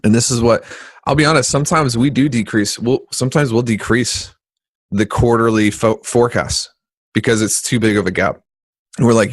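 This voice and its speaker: A man co-hosting a business podcast in a casual, joking chat, animated and quick to poke fun. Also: medium pitch, no room sound. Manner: animated, joking, jumps into voices when quoting people. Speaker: podcast co-host.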